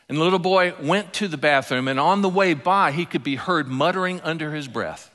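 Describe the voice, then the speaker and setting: A man preaching a sermon, telling stories and dropping into soft, intimate asides. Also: a little high, a little fast, few pauses. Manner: animated storytelling preacher, drops to soft asides. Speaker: pastor. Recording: long hall reverb.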